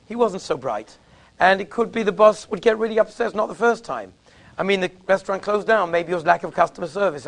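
A man's voice: sits high, creaky. A man giving a sermon in a conversational, anecdotal storytelling way. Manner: conversational, anecdotal, uses Yiddish and Hebrew terms. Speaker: rabbi giving a talk.

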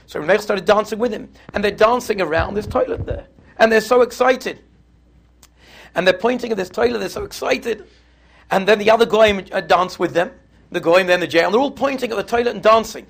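A man delivers a storytelling sermon with a raised, somewhat high voice. His tone is gravelly and husky, and he tells his tales with animated energy. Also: fairly quick. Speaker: rabbi giving a Torah talk.

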